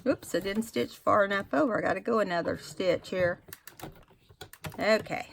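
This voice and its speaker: A woman's voice: medium pitch, moderate pace, gravelly, slight background noise. A woman hosting a casual crafting tutorial, chatting to viewers and correcting herself as she works. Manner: chatty, self-correcting, talks to viewers while working. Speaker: craft video host.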